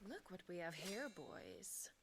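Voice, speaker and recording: A woman's voice: on the low side, huge pitch swings, takes it slowly, gravelly, background noise, exaggerated voice. A woman voicing a haughty, cruel noblewoman commander in a video game, cold and scornful. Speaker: game character.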